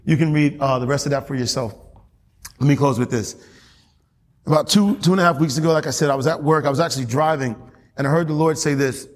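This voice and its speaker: A man preaching a sermon as pastor, animated, laughing often and pushing his voice up for emphasis. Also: fairly high pitch, fast talker. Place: church sanctuary. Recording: long hall reverb.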